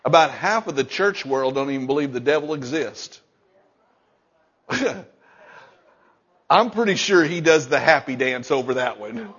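A man's voice: mid-range voice, animated, measured pace, long pauses, a bit bright, breathy edge, dull audio. A male pastor preaching a sermon, emphatic and repeating key lines, chuckling between points.

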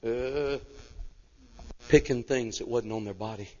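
A man's voice: mid-range voice, a little slow, dull audio. A man from Arkansas, an evangelist telling a story in a sermon and acting out the voices. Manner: animated, acts out voices.

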